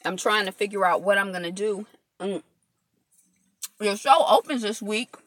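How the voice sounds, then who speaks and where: A woman's voice: medium pitch, moderate pace, a bit bright, no echo. A woman chatting casually to viewers while eating on a live stream, rambling with lots of fillers and answering comments as they come in. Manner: loose, rambling talk full of fillers. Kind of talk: casual mukbang live chat. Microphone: phone camera.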